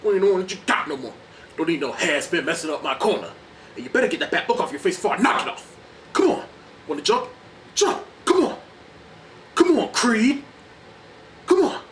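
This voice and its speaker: A man voicing a brash, angry male boxer who taunts his rivals in a loud, aggressive way. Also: fairly high pitch, lively intonation, fast, distant mic, a little hiss or hum. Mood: taunting shout. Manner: loud, aggressive, trash-talking.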